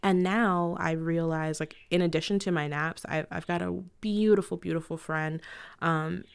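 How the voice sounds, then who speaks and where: A middle-aged woman, a podcast guest, telling lively stories in casual chat, laughing often and sometimes dropping to a near whisper. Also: lowish voice, normal speed, creaky, smooth.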